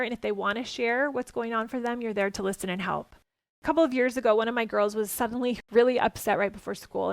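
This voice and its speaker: A woman hosting a parenting podcast, talking gently and earnestly as she gives advice and tells stories from home. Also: a little high, creaky, no room sound.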